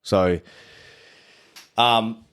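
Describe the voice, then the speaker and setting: A man's voice: on the low side, steady tone, drawn-out words, a bit bright, clear, resonant tone. An Australian man telling his story as a podcast guest in a casual, laid-back way and swearing freely. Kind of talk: casual chat.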